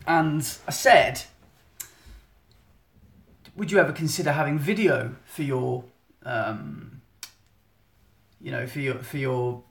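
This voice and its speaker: A man from England speaks slowly in a mid-range, fairly bright voice with vocal fry and long pauses. It's a photographer's casual monthly live-stream from home, captured by a phone at arm's length in an echoey room, and he's chatty, rambling and prone to cutting himself off.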